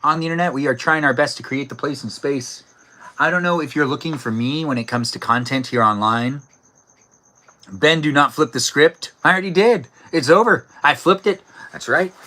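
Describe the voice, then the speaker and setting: A man hosts a live stream from outdoors, reading out viewer comments and teasing them by name. His voice is bright and forceful, with a loose, playful manner, and crickets chirp faintly behind him. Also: on the high side, moderate pace. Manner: playful, jokey, talks to chat by name, barks and giggles on request. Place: outdoors, cold evening.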